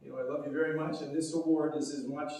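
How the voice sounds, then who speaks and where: A man's voice: fairly high pitch, flat delivery, dark tone, a little hiss or hum. Older man's echoey, distant acceptance speech. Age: 60s. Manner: rambling, heartfelt, halting restarts. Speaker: award recipient. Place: banquet hall. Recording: echoey banquet hall, distant mic.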